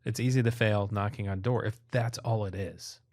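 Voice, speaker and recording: A man's voice: on the low side, fairly even intonation, normal speed, a little mellow, no room sound, clean studio sound. A man co-hosting a casual podcast chat, encouraging his partner and laughing often. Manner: encouraging, laughs often, breaks into playful bits. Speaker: podcast co-host.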